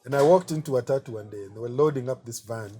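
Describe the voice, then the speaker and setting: A middle-aged man, an artist being interviewed, telling relaxed anecdotes in a chatty way and often saying "you know". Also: mid-range voice, fast. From Kenya.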